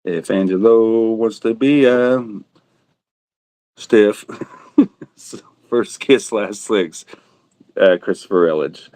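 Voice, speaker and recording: Guy hosting a live auction stream, lowish voice, jokey, laughs a lot, dry close sound. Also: slow pace, pauses often, dark tone, dry recording, poor audio. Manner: joking, laughs often, self-teasing; talks buyers through bids by name. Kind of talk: casual livestream auction chat.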